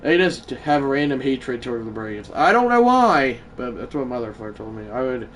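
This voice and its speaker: A man livestreaming a baseball video game, chatting to viewers and shouting when big hits land. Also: mid-range voice, normal speed, slight background noise. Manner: excitable, swings from mumbled asides to shouted play calls. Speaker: gaming livestreamer. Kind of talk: live gameplay commentary.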